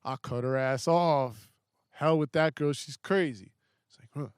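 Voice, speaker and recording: A young man, a podcast guest, telling a story in a casual, animated way, with heavy swearing and lots of fillers. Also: a little high, measured pace, smooth, dry recording, studio quality.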